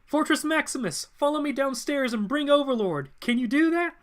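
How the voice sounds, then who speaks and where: A man's voice: extremely high pitch, expressive, normal speed, pitched above the performer's own voice. A man voicing an earnest, anxious male robot surgeon who gives urgent instructions.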